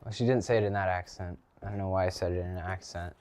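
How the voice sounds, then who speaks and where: A man's voice: low voice, fairly even intonation, fast, darkish tone, smooth. Rambling teenage guy streaming live. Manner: rambling, lots of ums and restarts. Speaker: livestreamer. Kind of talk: casual live stream chat. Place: home garage.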